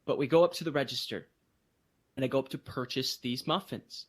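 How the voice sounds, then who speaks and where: A man co-hosting a podcast, telling a story in casual chat and jumping into high voices for emphasis. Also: brisk. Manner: animated storytelling, voices others in bursts of high pitch. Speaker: podcast co-host.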